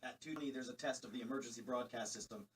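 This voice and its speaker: A man who produces a radio show, explaining things quickly in casual chat. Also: mid-range voice, husky.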